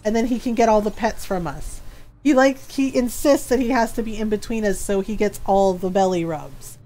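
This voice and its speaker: A woman hosting a gaming livestream, chatting casually and telling a story in an animated way with frequent laughs. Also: medium pitch, normal speed. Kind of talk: casual chat.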